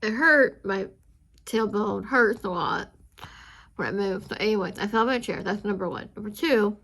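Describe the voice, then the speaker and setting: Chatty woman with a gravelly edge. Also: moderate pace, a bit bright, slight background noise. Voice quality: high squeaky voice. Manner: rambling, chatty, talks to viewers while working. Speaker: art channel host. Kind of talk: casual chat while drawing.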